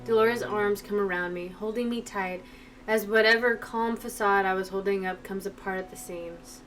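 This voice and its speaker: A woman's voice: mid-range voice, fairly even intonation, normal speed, a bit bright. Emotional woman streamer reading a game. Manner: emotional, chatty asides to viewers. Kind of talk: reading a visual novel aloud with reactions. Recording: distant mic with background music.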